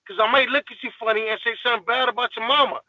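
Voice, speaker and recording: A man's voice: very high-pitched, steady tone, very fast, pushed and bright, muffled recording. A man guest on a podcast, ranting in a heated, profane, emphatic way in casual talk.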